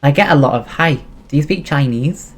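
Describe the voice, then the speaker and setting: A streamer from England, chatting casually with viewers during a game stream, jokey and quick to giggle. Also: medium pitch, expressive. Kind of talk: casual live-stream chat.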